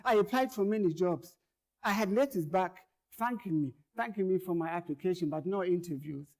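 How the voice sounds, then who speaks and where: A man's voice: high-pitched, a little fast. A man performing a first-person monologue, telling his story earnestly and repeating words as it grows tense. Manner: earnest, repeats words and phrases, grows louder as tension builds.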